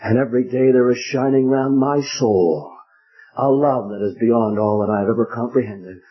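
An older man preaching an evangelistic sermon, fervent and pleading, swinging his voice high and low for emphasis. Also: moderate pace. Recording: dull lo-fi recording.

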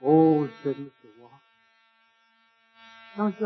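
A man's voice: fairly high pitch, moderate pace, long pauses, slight background noise. A man preaching an impassioned sermon, rising to wailing cries and stretching out his words. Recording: tinny phone-like old recording.

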